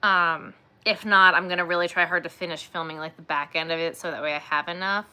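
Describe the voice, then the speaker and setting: A woman with a bright, clear voice hosts a casual crochet livestream. She rambles from topic to topic, filling her talk with "like" and "um" and gushing over things she enjoys. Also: on the low side, fairly even intonation, a little fast. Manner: rambling, chatty, gushing, says "like" and "um" often.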